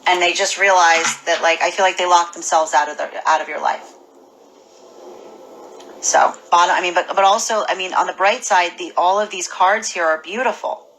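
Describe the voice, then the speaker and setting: Woman doing a tarot reading, lowish but bright punchy voice, keeps restarting her sentences, very animated. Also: moderate pace, slight background noise, low-quality recording. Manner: animated, repeats and restarts phrases often; acts out imagined people's voices. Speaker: tarot reader. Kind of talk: casual spoken tarot reading.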